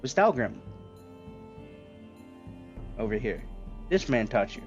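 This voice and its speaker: A man at an unhurried pace narrates a tabletop game as its dungeon master, his voice rising and falling in lively swings. He talks loosely, with plenty of fillers and laughter. His audio sounds dull and muffled, with faint music playing behind him. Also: medium pitch.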